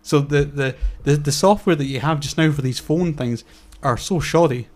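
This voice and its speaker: A man's voice: on the high side, normal speed. Rambling man chatting on a podcast. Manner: rambling, many fillers and restarts. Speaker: podcast co-host. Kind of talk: casual chat.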